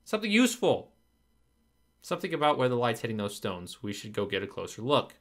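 A man's voice: medium pitch, sing-song, brisk, fairly bright tone. A man narrating his own gameplay, frustrated and swearing as he talks to himself. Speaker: gaming video creator. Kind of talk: gameplay commentary.

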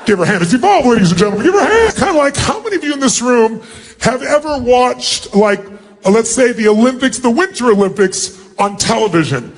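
A man's voice: very high voice, sing-song, breathy edge. A man giving a live motivational seminar to a large crowd, commanding the audience and calling for their responses. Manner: acts out quick mock greetings. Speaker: motivational speaker. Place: large auditorium.

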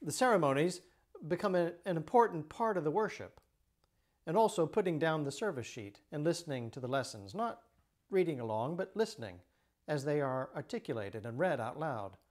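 A middle-aged priest giving a measured, explanatory lecture on Christian teaching. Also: male voice, on the high side, lively intonation, a little mellow.

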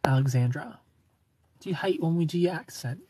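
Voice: mid-range voice, brisk, warm tone, husky. A live streamer in casual, upbeat chat, reading viewer comments aloud and greeting people by name.

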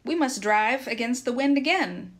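A woman reading aloud as a worn-out peasant workman, raising her voice a little higher and louder to call out across the snow. He sounds dogged and patient, pressing on in a storybook tale. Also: lively intonation, moderate pace, natural voice. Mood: urgent, weary. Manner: calling out loudly, urging.

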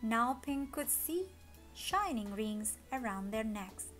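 Slow, expressive woman reading a storybook. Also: fairly high pitch, soft background music. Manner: expressive, dramatic gasps. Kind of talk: children's read-along story.

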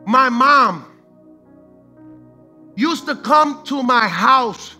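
A man's voice: extremely high pitch, animated, very slow, bright, forceful tone, faint music behind. A man preaching a sermon as pastor, fervent and repetitive, mixing in street slang and the odd line of Spanish.

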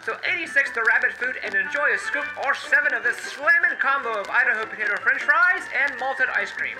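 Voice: high voice, expressive, brisk, music in the background, low-quality recording. A food vlogger putting on a theatrical old-timey transatlantic announcer voice to read an ice cream label aloud. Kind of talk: 1940s transatlantic announcer reading.

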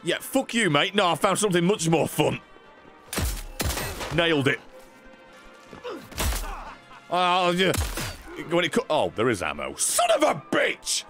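A man streaming a violent game, giving sarcastic, sweary commentary that swings between low mutters and sudden shouts. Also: big pitch swings, normal speed, long pauses. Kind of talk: comedic gameplay commentary. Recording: game music behind voice.

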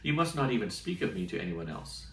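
A man's voice: low voice, big pitch swings, fast, a bit bright, a little hiss or hum. A man reading aloud and voicing a polite, literal-minded starship AI in a formal, precise and fretful manner. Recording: roomy sound from a distant mic.

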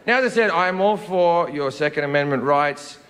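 An Australian comedian with a fairly high, animated voice does a stand-up set at normal speed, sardonic and profane with punchy timing. The performance is on a large theater stage and is played within a reaction video, recorded in an echoey hall with loud noise.

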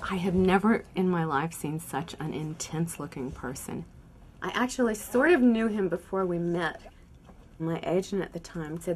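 An actress with a fairly low voice reminisces thoughtfully in a documentary interview, repeating what others once said to her. A faint ambient hiss sits behind her. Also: normal speed. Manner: reflective, quoting others.

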